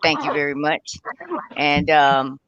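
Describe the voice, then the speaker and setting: A man's voice: a little high, monotone, slow, a bit bright, clear, resonant tone. A man on a casual online panel explaining a point at length, with plenty of fillers. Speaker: panel guest. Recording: dull lo-fi call audio.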